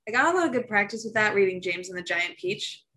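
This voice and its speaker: Young woman co-host and teacher, bright forceful tone, playful chatter. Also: mid-range voice, very animated. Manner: playful, quick to jump in with bits. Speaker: podcast co-host. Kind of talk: casual chat.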